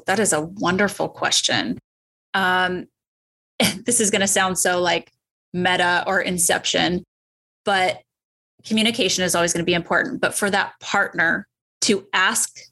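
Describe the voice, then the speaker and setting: A woman's voice: fairly low pitch, fairly even intonation, a little slow, creaky, long pauses, breathy edge. A woman, a clinician, talking casually on a podcast with an upbeat manner and frequent laughs. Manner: laughs often, warm and upbeat.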